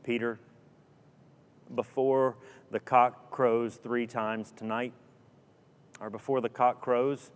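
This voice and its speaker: A man voicing a gentle, solemn male teacher who speaks softly and slowly, offering forgiveness. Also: medium pitch, level tone, clean tone, natural voice. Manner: soft, slow, solemn. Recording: long hall reverb.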